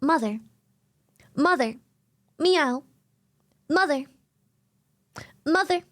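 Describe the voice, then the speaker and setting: A woman's voice: high voice, lively intonation, drawn-out words, a bit bright, heavily acted. A woman doing a whiny, fussy male house cat. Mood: whiny demanding. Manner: whiny, repetitive calling.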